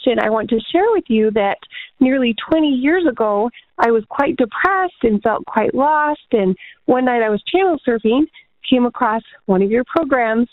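A woman's voice: fairly high pitch, no room sound. A woman calling in to a radio show, friendly and polite as she shares her story and asks about a Bible verse. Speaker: caller. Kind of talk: call-in question. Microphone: telephone. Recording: tinny phone line.

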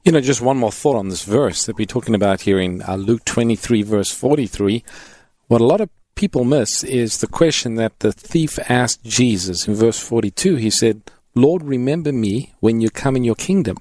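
Man, radio pastor, measured, teacherly, dry close mic. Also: medium pitch, animated, a little mellow, no echo. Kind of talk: call-in radio Bible answers.

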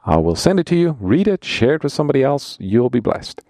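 A man's voice: medium pitch, sing-song, a little fast, warm tone, no room sound, studio quality. A man co-hosting a call-in radio Bible show as pastor, introducing callers and reading out offers in an announcer-like way.

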